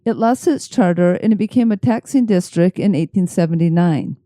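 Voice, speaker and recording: A woman co-hosting a podcast, reading scripted narration in a measured, even way. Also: lowish voice, no echo, studio quality. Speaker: podcast co-host.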